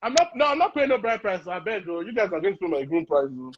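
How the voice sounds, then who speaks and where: A man's voice: sits high, animated, fast, highs cut off, slight background noise. A man, a chef guest chatting playfully in an interview, laughing often and slipping into Pidgin. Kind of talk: casual interview chat.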